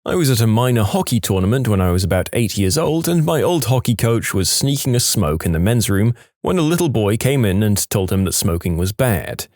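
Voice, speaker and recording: A man reading stories aloud with a dry, deadpan delivery. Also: fairly low pitch, fairly quick, hardly any pauses, dry recording. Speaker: story narrator.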